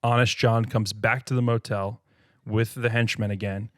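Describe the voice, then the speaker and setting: A man co-hosting a casual movie-review podcast, retelling scenes in an animated way and laughing often. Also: fairly low pitch, normal speed, no room sound, studio quality. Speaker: podcast co-host.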